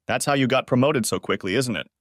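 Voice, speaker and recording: A man's voice: medium pitch, quick pace, dry recording, studio quality, lightly acted. A man voicing a betrayed husband who accuses his wife with bitter, hurt questions, in an audiobook. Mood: accusing. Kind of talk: audiobook character voice.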